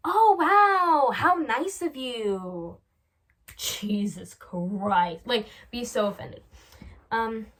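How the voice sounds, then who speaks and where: A young woman giving comedic advice as a vlogger, rambling and acting out both sides of little dialogues. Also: medium pitch.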